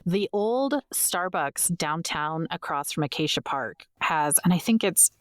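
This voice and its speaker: An American woman co-hosting a podcast, relaxed and chatty. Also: fairly low pitch, a little slow, no echo, studio quality. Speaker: podcast co-host. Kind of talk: casual chat.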